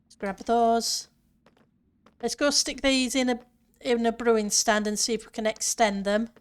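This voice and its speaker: A woman's voice: on the high side, level tone, unhurried, smooth. A woman streamer chatting casually with her viewers and answering chat while she plays a building game. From northern part of her country.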